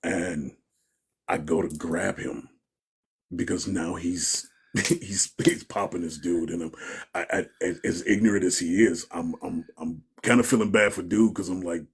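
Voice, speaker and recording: A man's voice: sits low, a little slow, husky. A man giving an interview, telling a story in a casual way and acting out what people said. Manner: animated storyteller, acts out quotes, laughs often. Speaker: interview guest.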